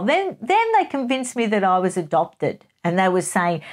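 A woman's voice: medium pitch, big pitch swings, normal speed, few pauses. A middle-aged woman, hosting a casual gossip chat in a playful, giggly way. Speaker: host.

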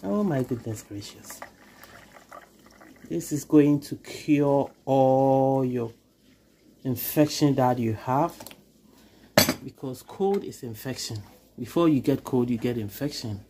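A woman's voice: very deep voice, slow, pauses often, background noise. A woman, who has a cold, hosting a chatty, reassuring cooking tutorial in her home kitchen. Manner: chatty, reassuring, repeats okay. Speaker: cooking channel host.

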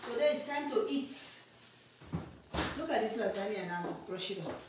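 A woman's voice: a little high, lively intonation, normal speed. A middle-aged woman hosting a home cooking video with her daughter, teasing and bossy with playful mock threats. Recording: echoey kitchen with clear background noise.

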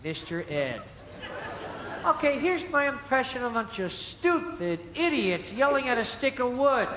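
A brash, insulting wooden dummy, as a man puts him on, with a very high, pushy voice. He trades barbs in a ventriloquist stage act. An echoey live theater and a noisy crowd surround him. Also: big pitch swings, measured pace, heavily acted. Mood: cocky. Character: cocky wisecracking male wooden dummy.

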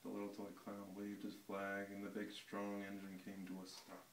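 Gravelly man reading a bedtime story. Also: lowish voice, monotone, moderate pace, roomy sound, recorded from a distance, slight background noise, rough recording. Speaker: reader to a child. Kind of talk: reading a picture book aloud.

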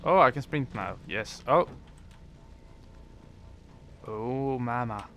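A man's voice: mid-range voice, slow pace, vocal fry, sharp tone, slight background noise. A man commentating his game playthrough, joking and talking to the characters on screen. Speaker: gamer. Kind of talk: let's play commentary.

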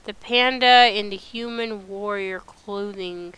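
A woman hosting a casual let's-play video, talking through her game in an animated, exasperated way as she thinks aloud. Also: medium pitch, takes it slowly, clean tone. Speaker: gameplay video host.

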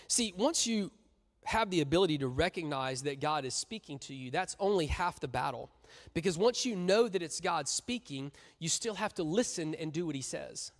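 Joking high-voiced youth pastor preaching. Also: male voice, normal speed. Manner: joking, animated, conversational. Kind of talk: sermon. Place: church hall. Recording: long reverb in a church hall.

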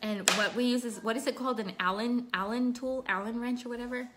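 A woman's voice: a little high, steady tone, a little fast, a bit bright. A woman hosting a casual livestream makeup tutorial at home, chatting and reading out viewers' names while she works. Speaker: makeup vlogger.

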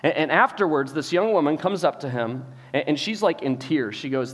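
A male pastor telling a story in a sermon, animated, acting out the people he quotes, often repeating words and saying "like.". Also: a little high, moderate pace, big-room sound. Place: church auditorium.

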